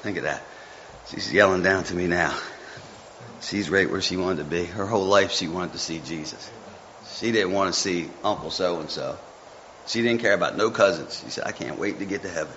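A man's voice: sits low, moderate pace, pushed and bright, a little hiss or hum. Male lay speaker, informal sermon, chatty and meandering; slightly dull recording with faint background. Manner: folksy, rambling, chatty asides. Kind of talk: informal devotional talk. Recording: muffled with faint background ambience.

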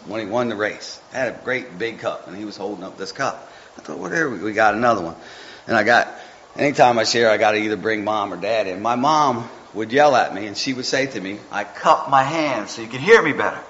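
A man's voice: lowish voice, animated, brisk, fairly bright tone, slight background noise. A man giving an informal devotional talk, folksy and rambling, with chatty asides to the listeners. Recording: muffled with faint background ambience.

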